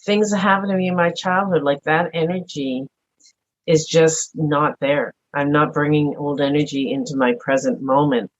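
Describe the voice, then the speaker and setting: A middle-aged woman speaking earnestly and softly as a podcast guest, thinking aloud in a reflective personal conversation. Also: deep voice, fairly even intonation, normal speed. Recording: dull lo-fi audio.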